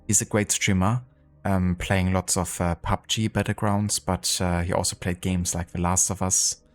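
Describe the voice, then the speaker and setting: A man's voice: low voice, flat delivery, moderate pace, faint music behind. A man streaming a video game live, chatting casually and thanking viewers with many fillers. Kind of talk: casual live-stream chat while gaming.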